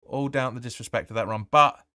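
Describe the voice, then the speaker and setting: This man talks fast in a medium-pitched voice that is bright, forceful, clear, and resonant. Hosting a fan channel's live match watch-along, he offers blunt, opinionated commentary, swears, and reads viewer comments aloud, in studio quality with no echo.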